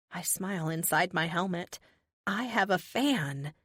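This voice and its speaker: A woman's voice: deep voice, measured pace, fairly bright tone, no room sound, studio quality. A woman reading a first-person audiobook with a wry, emotive delivery. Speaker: audiobook narrator.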